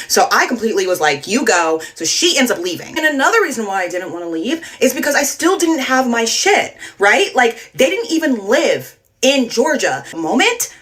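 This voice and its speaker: A young woman telling a storytime to camera, animated and quoting herself and others, with many likes. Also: mid-range voice, moderate pace, few pauses. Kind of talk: storytime vlog.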